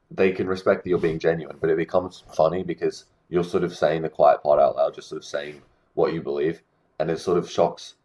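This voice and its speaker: A man's voice: a bass voice, darkish tone, lo-fi sound. A young man giving casual social-skills advice straight to camera, rambling with lots of fillers and restarts. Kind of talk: casual talking-head advice monologue.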